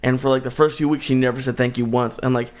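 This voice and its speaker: A man's voice: mid-range voice, steady tone, quick pace. A young man co-hosting a podcast, chatting casually and hesitantly, restarting his sentences often.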